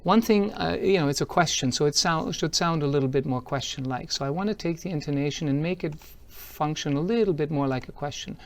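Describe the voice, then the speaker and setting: At a tech conference, a man gives an upbeat product demo, explaining each step as he shows it. His voice is on the high side and a little fast.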